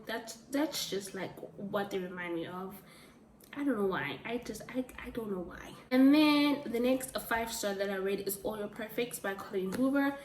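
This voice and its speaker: A woman's voice: medium pitch, slight background noise. Chatty young woman, roomy and distant. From South Africa. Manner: chatty, giggly, full of "like" and "um". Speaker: book vlogger. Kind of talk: casual book review chat. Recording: roomy echo, mic at a distance.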